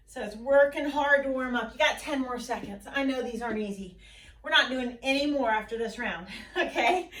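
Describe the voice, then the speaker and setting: High-voiced woman coaching a workout. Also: a bit bright, distant mic. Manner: encouraging, counts down and cheers. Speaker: fitness instructor. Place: basement at home. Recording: roomy echo, voice a bit off-mic.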